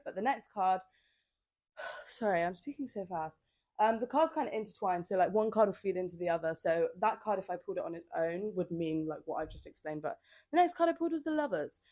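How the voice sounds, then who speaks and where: A woman's voice: on the low side, lively intonation, fairly quick, a little mellow, dry recording. Chatty young woman, rambling podcast talk. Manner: chatty, rambling, filler-heavy, sassy asides. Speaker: podcast host. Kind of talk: casual solo podcast chat. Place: outdoors on holiday by the sea. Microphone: handheld microphone.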